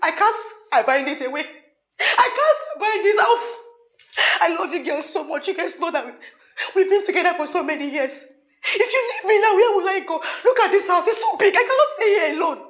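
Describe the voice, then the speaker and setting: A woman's voice: very high voice, animated, a little fast, a bit bright, echoey room. An actress with a Nigerian accent playing a remorseful woman who begs her friends to forgive her, swinging between pleading and frantic laughing. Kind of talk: Nollywood film acting.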